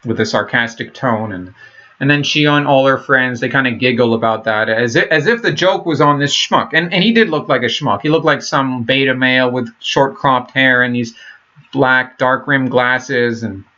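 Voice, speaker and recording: A man's voice: mid-range voice, moderate pace, pushed and bright. Man rambling in a dull lo-fi recording. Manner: rambling, profane, many fillers and restarts. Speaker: vlogger. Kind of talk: casual monologue.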